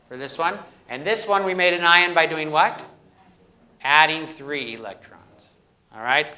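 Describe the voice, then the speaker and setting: A man lecturing a university class with a very bright, ringing voice, pitched a touch high. He quizzes the room and repeats their answers back, slipping in corny jokes. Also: a little hiss or hum. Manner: jokey, plays up corny jokes. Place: lecture hall.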